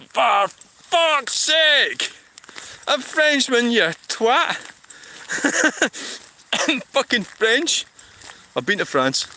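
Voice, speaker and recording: A man's voice: fairly high pitch, sharp tone, slight background noise. A Scottish man casually chatting on a livestream and reading out comments, rambling and blunt, with plenty of swearing. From Scotland. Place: outdoors in the countryside.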